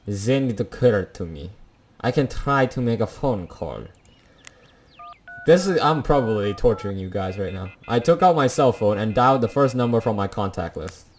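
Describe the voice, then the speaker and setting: Playing through a visual novel, a young man reads the dialogue dramatically and cracks jokes between lines. He speaks at normal speed in a lowish voice with lively intonation, and there's a slight hiss or hum in the recording.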